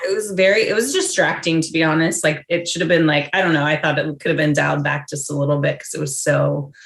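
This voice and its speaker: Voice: medium pitch, steady tone, fast talker, vocal fry, fairly bright tone. A podcast co-host chatting casually, using lots of fillers and laughing easily. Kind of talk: casual chat.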